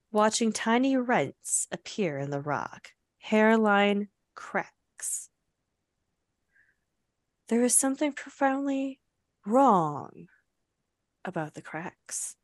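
A woman chats through a fantasy novel on a podcast, reading passages aloud and breaking off with laughing asides. She talks slowly and deliberately. The sound is dry and close. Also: medium pitch, dry recording. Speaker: podcast co-host recapping a novel. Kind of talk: casual book recap chat.

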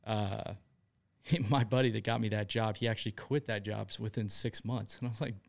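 A man who owns a business, telling stories casually as an interview guest, chatty and quick to laugh. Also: on the low side, fairly even intonation, gravelly, no room sound.

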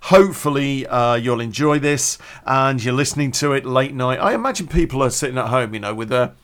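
A man's voice: mid-range voice, a little fast, fairly bright tone. Chatty rambling male podcast host. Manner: rambling, chatty, laughs at his own jokes. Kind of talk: casual storytelling podcast intro.

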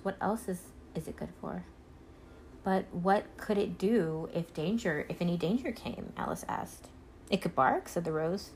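A woman reading a children's storybook aloud, unhurried, now and then stumbling and restarting a word. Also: fairly low pitch, a little mellow, slight background noise, low-quality recording. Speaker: reader.

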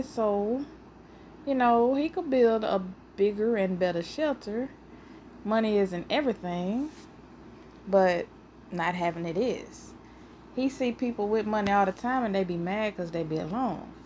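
A woman hosting a casual solo podcast, telling stories in an animated, playfully argumentative way and sounding a little out of breath. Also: mid-range voice, measured pace, slight background noise. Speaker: podcast host.

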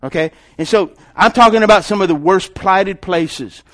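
Emphatic preacher, fairly high voice. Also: male voice, moderate pace. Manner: emphatic, swinging from loud to hushed. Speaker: pastor. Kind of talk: sermon.

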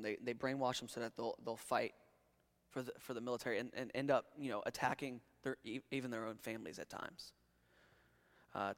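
A man's voice: mid-range voice, long reverb tail. A young man preaching a sermon, talking conversationally with restarts and building to emphatic peaks. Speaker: pastor.

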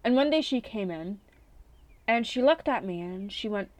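A woman's voice: on the high side, lively intonation, measured pace, dry recording. A young adult woman hosting a podcast, telling a personal story in a casual, candid way, swearing freely and often checking in with "right?". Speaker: podcast host. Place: bedroom with open window.

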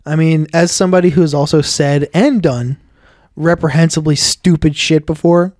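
A man co-hosting a podcast with wry, teasing humor and a mellow, fairly high voice. His voice sits dry and close to the mic. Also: fairly even intonation, normal speed, no room sound. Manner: wry, teasing, laughs often. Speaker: podcast co-host. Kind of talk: casual comedic banter.

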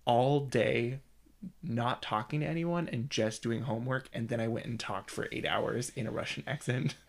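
A man co-hosting a podcast, chatting casually in a self-deprecating, halting way. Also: medium pitch, gravelly. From West Coast of the US. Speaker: podcast co-host. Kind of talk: casual chat.

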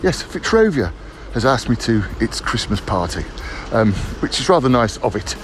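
A man's voice: mid-range voice, big pitch swings, moderate pace, slight background noise. A man, a writer, giving a playful, theatrical vlog update while walking outdoors on city streets. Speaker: writer and pub crawl founder.

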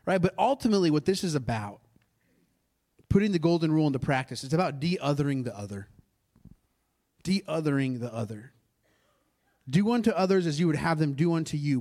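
A fairly high-voiced man preaches as if chatting with friends. He tells a personal story in a lively, conversational way, throwing asides to the congregation. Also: quick pace. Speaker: pastor. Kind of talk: sermon storytelling.

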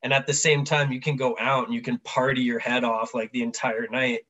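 Young Canadian man, podcast guest, animated storyteller who acts out quotes. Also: mid-range voice, brisk. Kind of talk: casual chat.

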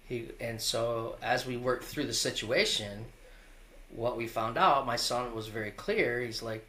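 A man's voice: mid-range voice, animated, normal speed, bright, forceful tone. A middle-aged man, a wrestling coach, telling stories in a candid interview, earnest and loose, often restarting and checking in with "right?".

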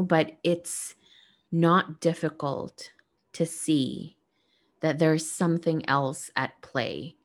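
A woman hosting a reflective spiritual monologue, speaking gently and earnestly to her listeners. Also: low voice. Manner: gentle, soft-spoken, earnest.

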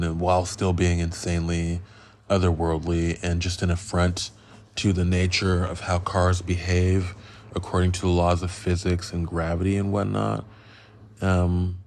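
A man hosting a casual film review podcast, rambling and profane, a bit loopy from being high. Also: a little mellow, slight background noise. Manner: rambling, loose and profane, goes off on riffs. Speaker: podcast host.

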